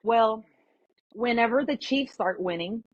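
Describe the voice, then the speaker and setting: A woman guest telling a story in casual chat, animated and full of "like", acting out what others said. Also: a little high, a little slow, no room sound, dull audio. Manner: animated, acts out quoted voices, lots of "like". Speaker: podcast guest.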